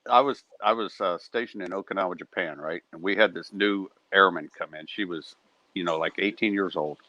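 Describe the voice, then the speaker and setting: A man's voice: low voice, a little fast, sharp tone, dry recording, lo-fi sound. A middle-aged man with a Pittsburgh accent, chatting casually and telling stories, often checking in with "right?". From Pittsburgh area. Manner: storytelling, asks tag questions like "right?". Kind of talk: casual chat.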